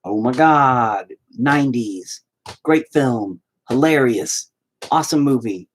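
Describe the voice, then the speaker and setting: A man's voice: mid-range voice, lively intonation, slow pace. A man hosts a casual live stream and talks straight to his viewers. He rambles from one thought to the next and swears freely. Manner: profane, rambling.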